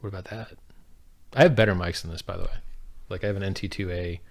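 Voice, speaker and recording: A man with a very low voice hosts a casual livestream and answers chat questions. He talks in a blunt, profane, offhand way. The close, dry sound comes from a studio dynamic mic fitted with a foam pop filter. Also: steady tone, fast talker, gravelly.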